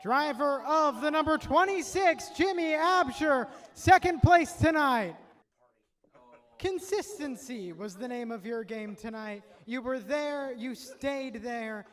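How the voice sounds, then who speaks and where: A man's voice: extremely high pitch, measured pace, fairly bright tone. A man interviewing race winners trackside with an enthusiastic announcer manner.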